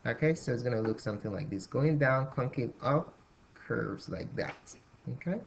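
A man's voice: mid-range voice, expressive, normal speed, creaky, a little hiss or hum. A man teaching a calculus lesson at a whiteboard, thinking aloud with restarts and fillers. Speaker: math teacher. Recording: dull lo-fi recording.

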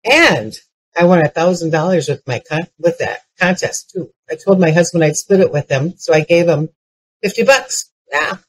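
A woman's voice: lowish voice, normal speed, husky, low-quality recording. Older woman telling funny stories. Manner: lively, punchline-driven anecdotes with frequent restarts. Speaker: keynote speaker. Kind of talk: comedic storytelling keynote.

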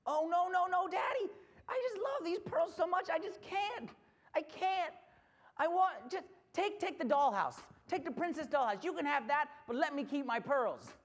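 A preacher voicing a little girl who begs to keep her treasure, repeating herself in a high, pleading voice. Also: expressive, moderate pace.

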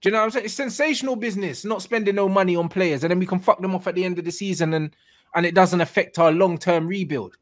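A man's voice: high voice, fairly even intonation, fast talker. A young man talking football in slangy, laughing banter. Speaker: football fan co-host.

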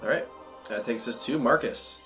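Game master, brisk and matter-of-fact, running combat. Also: mid-range voice, a bit bright, soft background music.

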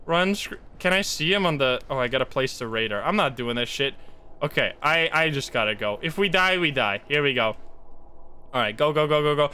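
A man streaming a horror game live, reacting excitably, swearing often and chanting to himself as he plays. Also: a little high, brisk, clear, resonant tone. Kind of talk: live gameplay commentary.

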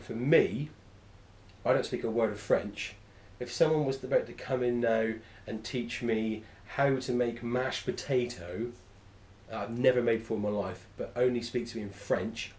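A man's voice: medium pitch, moderate pace, a little mellow. A man delivers a lecture in an echoey room. His voice sits in a middle register, and he rambles eagerly, stopping to correct and restate himself as he goes. He sounds like a teacher in front of a class. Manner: enthusiastic, rambling, self-correcting.

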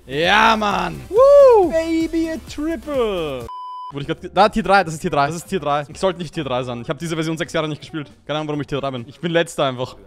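A young man from Germany with a German accent, excitable, commenting on his game and chatting with teammates. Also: fairly high pitch, racing, few pauses, faint music behind. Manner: excitable, switches between German and English. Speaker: streamer and video host. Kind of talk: gaming commentary and voice chat.

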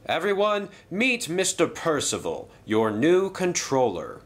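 A man's voice: a little high, wildly swooping pitch, a little slow, voice pushed up. A man voicing a formal, authoritative older male railway boss in a toy train story.

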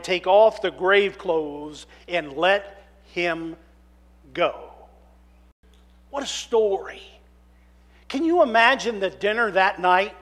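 A man preaches in a church, his voice sitting high for a man. He drops to near-whispers on scripture, then bursts into loud, animated storytelling. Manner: dramatic shifts between hushed scripture reading and loud animated storytelling. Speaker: minister. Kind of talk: sermon reading and preaching. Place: church sanctuary.

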